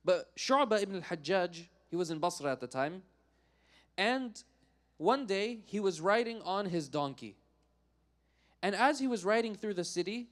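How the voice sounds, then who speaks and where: A man giving a Friday sermon, telling a story in an animated way and acting out the characters. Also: fairly high pitch.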